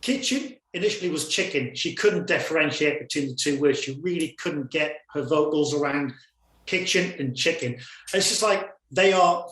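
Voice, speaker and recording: A British guest videographer from the UK talks animatedly in casual conversation, often repeating words as he thinks. His voice is a little high and a bit bright, recorded in an echoey room.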